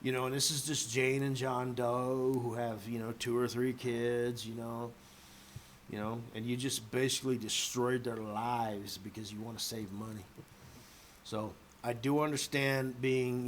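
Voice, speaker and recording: A man ranting on his own in a loose, profane, rambling way, full of fillers, with faint noise behind him. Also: medium pitch. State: a little drunk. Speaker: vlogger. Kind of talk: rambling audio rant.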